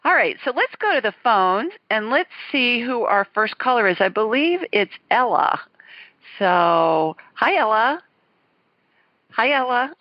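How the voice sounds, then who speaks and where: A woman's voice: fairly high pitch, lively intonation, measured pace, dry recording, highs cut off. A middle-aged woman from the US South hosting a call-in show, chatting enthusiastically about her week. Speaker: host. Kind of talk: casual chat.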